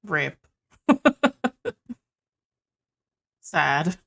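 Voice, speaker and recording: A woman running a tabletop game in a relaxed, chatty way, often breaking into giggles. Her voice sits a little low and she takes her time. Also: extremely slow, vocal fry, husky. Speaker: game master.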